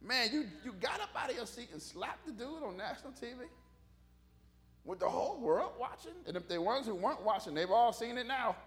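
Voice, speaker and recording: Lively, joking preacher man. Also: extremely high pitch, fairly quick. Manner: animated, joking, conversational. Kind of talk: casual, humorous sermon.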